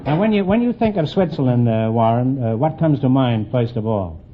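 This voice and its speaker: A man hosting a quiz show, teasing his contestants with quick punning asides. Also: mid-range voice, animated, a faint crowd. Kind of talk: wisecracking quiz show banter. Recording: muffled 1950s broadcast, loud hiss.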